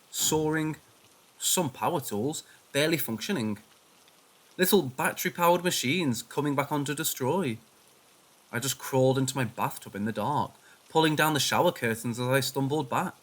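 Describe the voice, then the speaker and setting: A man narrates a first-person horror story in a hushed, tense manner. His voice sits at a middle pitch for a man. He reads it as a scripted telling.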